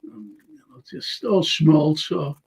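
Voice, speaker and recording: High, gravelly older male host. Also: slow pace, a little mellow. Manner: rambling anecdotes with many fillers. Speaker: show host. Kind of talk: casual chat, storytelling.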